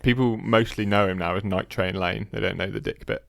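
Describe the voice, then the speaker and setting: A man's voice: fairly low pitch, fairly even intonation, fairly quick, gravelly, a bit bright, no room sound. Young guy doing quiz questions on a podcast, giggly and teasing, dry close sound. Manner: chatty, giggly, teasing quizmaster. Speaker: podcast co-host running a quiz. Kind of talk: casual podcast quiz chat.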